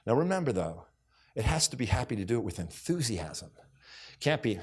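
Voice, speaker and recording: A middle-aged American keynote speaker tells stories on a conference hall stage during a motivational speech. His medium-pitched voice swings widely in pitch, moves fairly quickly and carries a breathy edge. He acts out dialogue and keeps repeating catchphrases.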